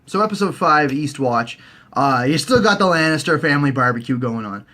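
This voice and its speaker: A young man, recapping a TV season in a casual, profane, jokey way and slipping into quick silly character voices. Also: fairly high pitch, lively intonation, bright, forceful tone. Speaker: recap host.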